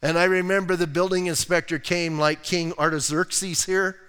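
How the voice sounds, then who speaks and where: A pastor with a high-pitched, fairly bright, clean voice preaches at a moderate pace in a level tone. His sermon is conversational and folksy, full of casual asides. The long reverb of the church sanctuary carries through the recording.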